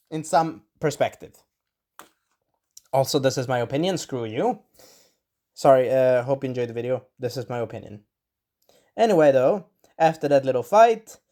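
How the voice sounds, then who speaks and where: Rambling man clearing his throat. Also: mid-range voice, a little mellow. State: irritated throat. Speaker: show reviewer. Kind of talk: casual spoken episode review.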